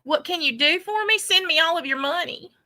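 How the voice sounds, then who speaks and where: Sarcastic high-voiced woman, bright and sharp. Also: a little fast. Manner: exaggerated, theatrical, Southern-flavored phrasing. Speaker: commentary creator. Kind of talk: sarcastic mock-lament monologue.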